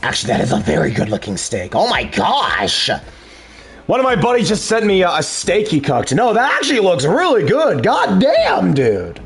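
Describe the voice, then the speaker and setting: A man's voice: high-pitched, wildly swooping pitch, moderate pace, husky, soft background music. A man streaming a game, chatting casually and rambling off on side topics. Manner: chatty, rambling, easily sidetracked. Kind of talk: casual gameplay commentary.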